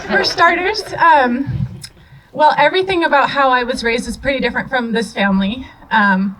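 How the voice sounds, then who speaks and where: A woman's voice: high voice, moderate pace, very noisy. A woman who married into the family, speaking at a memorial in a nervous, hesitant way with many ums. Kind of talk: memorial speech.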